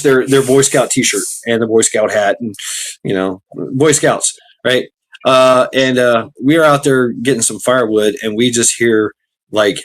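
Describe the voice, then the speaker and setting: Rambling male podcast host. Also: medium pitch. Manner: rambling, halting, many fillers. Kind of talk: casual chat.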